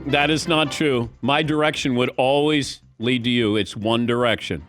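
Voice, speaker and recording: A man's voice: medium pitch, normal speed, fairly bright tone, no room sound, faint music behind. A male talk show host asking joking questions in a casual radio interview.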